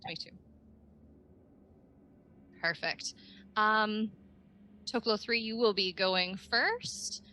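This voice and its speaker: A woman's voice: medium pitch, takes it slowly, pauses often, pushed and bright. A woman running a tabletop game as game master, hesitant with lots of fillers. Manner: hesitant, many fillers, giggly.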